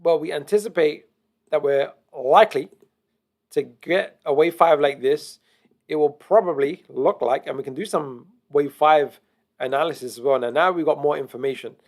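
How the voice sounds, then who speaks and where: Man, trading lesson, slightly high voice, gravelly, slow methodical explaining. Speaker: trading educator. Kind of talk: screen-share chart analysis.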